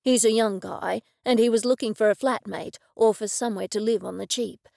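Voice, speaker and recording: Here a woman narrating an audiobook takes on the part of a male detective, steady and protective, whose speech is earnest, hesitant and a touch gravelly. Her natural voice sits in the mid-range and moves briskly as she explains. The sound is close and dry, free of echo.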